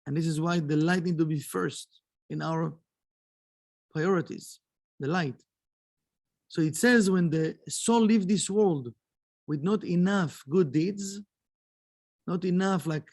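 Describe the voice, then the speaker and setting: Gravelly high-voiced man teaching. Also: darkish tone, dry recording. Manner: earnest, halting, many fillers. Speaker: kabbalah teacher. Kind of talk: spiritual lesson with storytelling. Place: kabbalah center.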